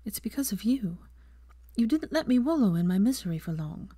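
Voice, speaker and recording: Woman reading as earnest young witch, wistful, hushed, lifted a little higher, dry close sound. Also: very animated, fairly quick, dry recording.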